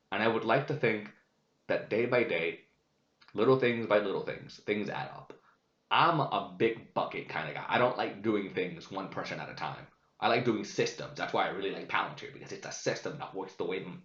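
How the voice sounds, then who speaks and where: A young man hosting a personal vlogcast, retelling stories from medical training in an emotional, profane, animated way with frequent restarts. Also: fairly low pitch. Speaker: vlogcast host. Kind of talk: casual personal storytelling. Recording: echoey room, dull lo-fi sound.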